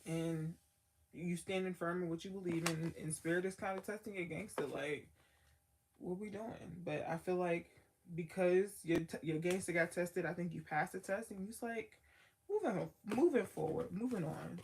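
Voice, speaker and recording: A woman's voice: lowish voice, normal speed, a little mellow, slight background noise. A woman giving a casual tarot card reading as the reader, talking in a loose, slangy way full of "like" and trailing thoughts.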